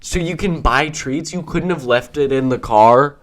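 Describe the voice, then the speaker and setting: A man's voice: mid-range voice, a little slow. Male podcast host, solo rant, exasperated and rambling, mid-range voice. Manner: exasperated, rambling, with frequent restarts.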